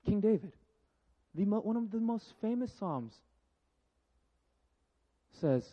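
A man preaching a sermon with jokes, moving between lively storytelling and hushed, slow reflection. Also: sits high. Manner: animated and joking, then hushed and reflective. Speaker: pastor. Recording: dull lo-fi sound.

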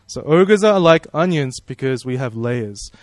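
A pastor with a medium-pitched, lively voice speaks a little slowly in a dry recording. His sermon feels friendly and conversational as he prays and asks the congregation questions.

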